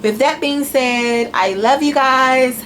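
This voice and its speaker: A woman's voice: high voice, takes it slowly, fairly bright tone, a little hiss or hum. Heated, foul-mouthed woman ranting. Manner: blunt, heated, heavily profane. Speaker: vlogger. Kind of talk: profane rant vlog.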